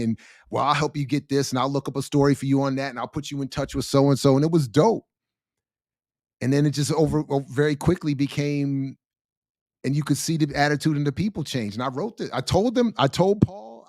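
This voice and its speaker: A man hosting a casual livestream chat, animated and slangy, laughing often. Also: fairly high pitch, no room sound, clean studio sound. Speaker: host.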